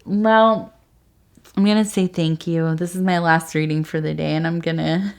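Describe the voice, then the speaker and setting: Deep-voiced lady tea leaf reader, rambly, lots of ums, kinda teary. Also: fairly even intonation, normal speed. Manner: rambling and hesitant, many fillers; earnest and affectionate. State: emotional, on the verge of tears. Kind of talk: casual spoken sign-off to viewers.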